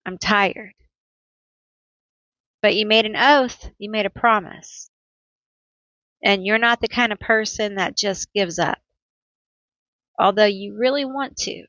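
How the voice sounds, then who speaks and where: A woman's voice: mid-range voice, unhurried, pauses often, fairly bright tone, no echo, dull audio. A woman reading tarot cards for her viewers, talking to them directly with empathy. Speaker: tarot reader. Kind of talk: pick-a-card tarot reading.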